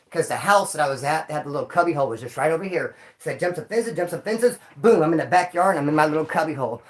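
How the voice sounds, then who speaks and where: A man hosting a livestream, telling stories in a casual, slangy, animated way and acting out sounds and voices. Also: on the high side. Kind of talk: casual storytelling to a live audience.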